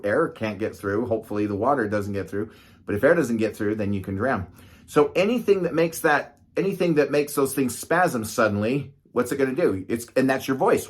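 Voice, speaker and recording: A middle-aged man, a doctor, explaining medicine in a casual, conversational way and often checking in with "right?". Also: medium pitch. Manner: conversational, asks "right?" often, gestures to demonstrate.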